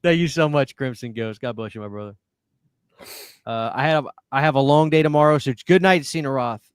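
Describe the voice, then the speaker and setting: Guy hosting a live stream, reads chat comments, smooth voice, dry close sound. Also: mid-range voice, a little fast, dry recording. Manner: chatty, reads viewer comments aloud, laughs easily. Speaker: podcast host.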